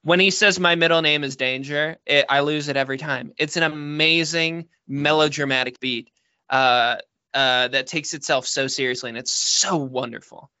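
Man, podcast co-host: bright, slightly high voice, opinionated rants, dry muffled mic. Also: no echo. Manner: animated, opinionated, talks fast with many fillers. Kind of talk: casual film-discussion chat.

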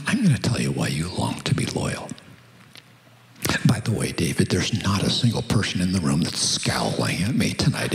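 A male preacher tells his sermon like a lively story, talking conversationally to the room. His low voice is gravelly and swings widely in pitch. Long hall reverb with faint music behind.

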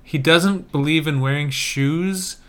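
Man, podcast co-host, casual trailer chat, wry jokes, smooth clear voice. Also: on the high side, takes it slowly. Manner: wry, joking, lively banter.

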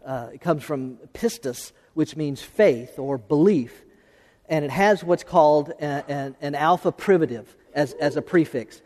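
A man's voice: fairly high pitch, a little slow, a little mellow. A man preaching a sermon as pastor, conversational, asking rhetorical questions and restarting his phrases. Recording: long hall reverb.

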